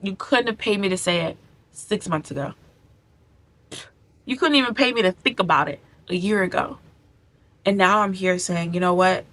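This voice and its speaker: A woman's voice: medium pitch, moderate pace, long pauses, a bit bright. A young woman talking to camera in a personal vlog, gushing and repeating herself, close to tears at times. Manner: gushing, repetitive, tearful at times. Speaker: vlogger. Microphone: camera mic.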